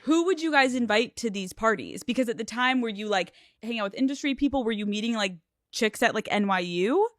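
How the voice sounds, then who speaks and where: A young woman hosting a podcast, asking playful, teasing questions with quick reactions. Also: a little high, lively intonation, no room sound, clean studio sound. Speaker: podcast host. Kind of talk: casual interview chat.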